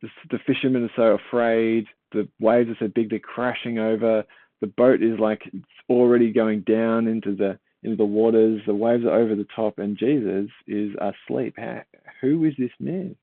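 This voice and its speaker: A man's voice: lowish voice, fairly even intonation, normal speed, dry recording. A man reading a Bible passage and then explaining it in an informal teaching style, talking conversationally, asking listeners rhetorical questions and repeating words as he thinks. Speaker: church Bible reader and teacher. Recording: tinny phone-like, dry sound.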